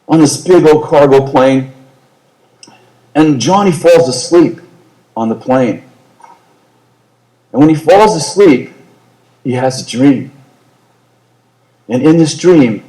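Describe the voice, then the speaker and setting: A male pastor tells a sermon story in an animated way, acting out the lines of the people in it. His voice sits a little high. It rings through an echoey large hall.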